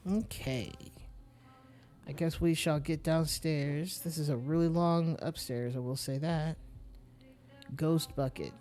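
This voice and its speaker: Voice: medium pitch, slow, a little mellow. A streamer giving casual, wry commentary while playing, reading item names aloud. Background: faint game music.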